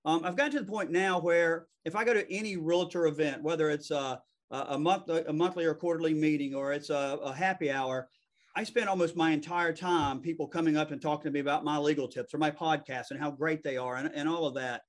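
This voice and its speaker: Fast-talking Southern man, higher voice. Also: fairly even intonation. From American South. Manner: fast-talking, self-deprecating. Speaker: guest, real estate attorney. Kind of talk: casual interview chat. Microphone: video call.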